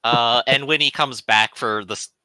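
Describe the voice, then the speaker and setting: Male tabletop player, casual and relaxed, very bright tone, dry sound. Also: mid-range voice, normal speed, clean tone, no room sound. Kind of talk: casual chat.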